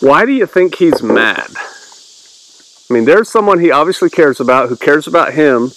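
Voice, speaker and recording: A man's voice: fairly high pitch, animated, moderate pace, fairly bright tone, a little hiss or hum, rough recording. A male pastor giving a casual Bible teaching, reading verses aloud and explaining them in a conversational way.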